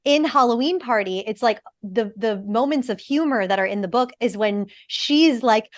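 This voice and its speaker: A woman who is an actor and podcast host, chatting in an animated, opinionated way and swearing freely. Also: fairly high pitch, moderate pace, no echo. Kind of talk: casual podcast chat.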